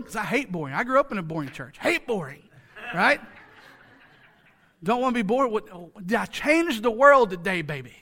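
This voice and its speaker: Bright, high-voiced preacher man. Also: big pitch swings, normal speed. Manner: conversational, joking, with many rhetorical asides; repeats phrases for emphasis. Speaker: pastor. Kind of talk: sermon.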